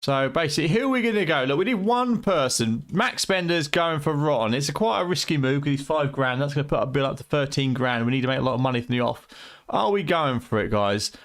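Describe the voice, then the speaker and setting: On a late-night game stream, a British man from the United Kingdom banters with his viewers, teasing and cursing without restraint. His voice is a little high and tired, fraying at the edges, yet he talks fast with lively intonation.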